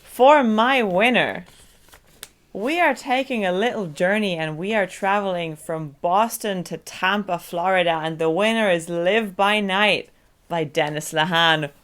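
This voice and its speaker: A woman's voice: on the low side, a little slow, a bit bright. Dry teasing female co-host. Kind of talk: casual chat.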